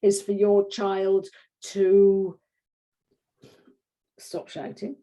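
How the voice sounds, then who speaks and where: A woman parenting coach talking in a casual interview, animated, restarting her sentences often and acting out little quotes. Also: medium pitch, extremely slow. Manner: animated, acts out quotes in voices; frequent restarts and filler phrases.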